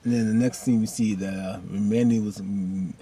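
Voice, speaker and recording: A man with a low, husky voice talks through a TV episode recap in a loose, rambling way. He jumps between scenes and leans on slang as he retells them. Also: normal speed. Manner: rambling, animated, loose slang, laughs often. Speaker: video host recapping a TV episode.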